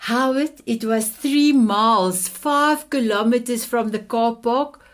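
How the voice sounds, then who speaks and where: A South African woman in her fifties, whose first language is Afrikaans and who speaks with a South African accent, shares her personal story as a podcast guest. Her fairly high voice moves slowly, warm and heartfelt, and she repeats terms of endearment.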